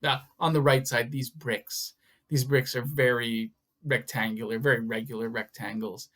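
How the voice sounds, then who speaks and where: A man teaching English vocabulary to learners in a video lesson, speaking slowly and stressing each word clearly. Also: mid-range voice, fairly even intonation, sharp tone. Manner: slow, deliberate, stresses words for learners. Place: language school lesson video.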